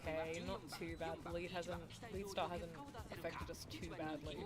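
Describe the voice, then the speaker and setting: A woman streaming a racing game, chatting casually with viewers and cheering on her runners with excitement. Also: fairly low pitch, moderate pace, over loud music.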